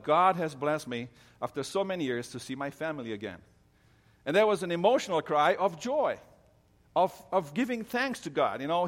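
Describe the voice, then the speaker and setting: A middle-aged man from Romania, preaching a sermon as an earnest storyteller who often restarts his sentences. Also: fairly high pitch. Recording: long hall reverb.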